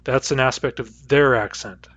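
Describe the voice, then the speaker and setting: A male linguistics lecturer with a West Coast North American accent patiently explains speech sounds, pronouncing each one aloud as an example. His voice sits at a medium pitch with a fairly bright tone, and he speaks at a normal speed. The recorded lecture sounds dull and dry.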